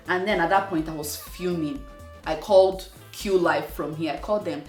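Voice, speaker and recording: A woman from Nigeria with a Nigerian accent, telling a personal story to her channel in an animated, exasperated way. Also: on the low side, normal speed, echoey room, far from the mic, soft background music. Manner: animated, exasperated retelling with acted-out quotes. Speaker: vlogger. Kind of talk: casual storytelling to camera.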